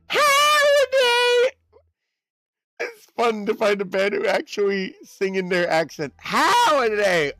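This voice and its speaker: An excitable young man chats to his stream audience in a rambling, lively way, his pitch bouncing up and down. His voice sits a little high for a man. The mic is close and dry, with faint music underneath. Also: dry recording. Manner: excitable, rambling, quick laughs. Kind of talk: casual live-stream chat while gaming.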